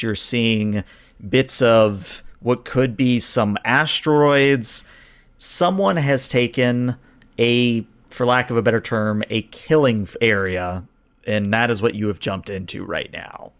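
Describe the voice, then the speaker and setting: A man running a science fiction tabletop game as game master, with a mid-range voice. He narrates scenes and explains the rules in a relaxed, explanatory way, slowing down to stress key moments. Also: mid-range voice.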